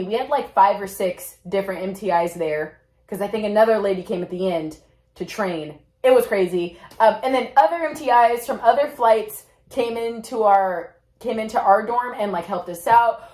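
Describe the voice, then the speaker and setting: A young woman vlogger casually telling a story to her viewers and acting out the quoted lines. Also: echoey room. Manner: animated, acts out quotes with big pitch jumps. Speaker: vlogger recounting basic training.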